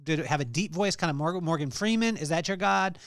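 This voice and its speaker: A man's voice: on the high side, fast, no echo, studio quality. A man hosting a podcast, asking playful, joking questions in a casual interview. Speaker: podcast host.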